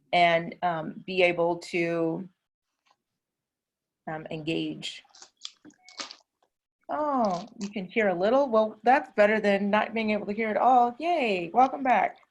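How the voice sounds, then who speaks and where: A woman with a Southern American accent, teaching an English class over a video call and explaining patiently with drawn-out words. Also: medium pitch. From southern United States. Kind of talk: online class instruction.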